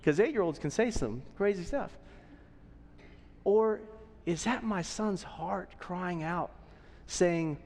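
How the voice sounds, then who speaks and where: A man's voice: sits high, slow pace, long pauses, a little mellow, in a large hall. A man in his thirties preaching a sermon as a pastor, conversational and often checking in with the audience. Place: church auditorium.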